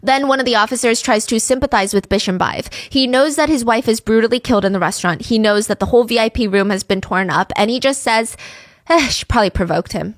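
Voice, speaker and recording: A woman's voice: mid-range voice, no echo, clean studio sound. A woman hosting a true crime podcast, telling the case in a casual, conversational way with frequent fillers.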